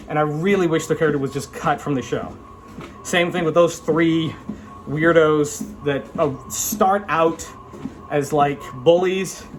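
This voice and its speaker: A man talking casually to camera about a show he watched, his voice sitting a little high for a man. He rambles and restarts his sentences, frank and unpolished. A faint hum of room noise lies under his voice. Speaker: vlogger reviewing an anime. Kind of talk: casual spoken review.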